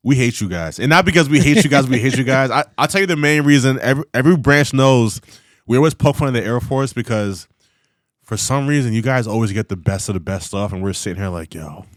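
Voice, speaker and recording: A man's voice: medium pitch, lively intonation, quick pace, no echo, clean studio sound. A man hosting a casual podcast conversation with friendly, ribbing banter. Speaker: podcast host, veteran.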